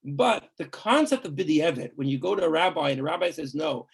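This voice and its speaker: Emphatic man with a husky, high voice. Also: big pitch swings, brisk. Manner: emphatic, talks to listeners with asides and rhetorical questions. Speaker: rabbi teaching a class. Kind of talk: conversational religious law lecture.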